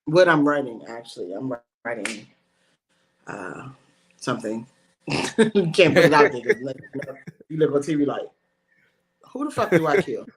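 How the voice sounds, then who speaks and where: A woman in her forties, a comedian telling animated, bawdy stories and laughing often in a casual interview. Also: extremely low pitch, moderate pace, long pauses, slight background noise. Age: 40s. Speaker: comedian guest.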